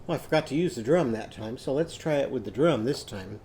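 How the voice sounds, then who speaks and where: A man teaching a children's phonics lesson, patiently sounding out words slowly for young learners. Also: medium pitch, animated, darkish tone, a little hiss or hum. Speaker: literacy teacher.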